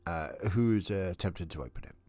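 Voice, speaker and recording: A man with a low voice narrates a tabletop game as dungeon master. He describes scenes in a calm, measured way, with the odd hesitant filler. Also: no echo.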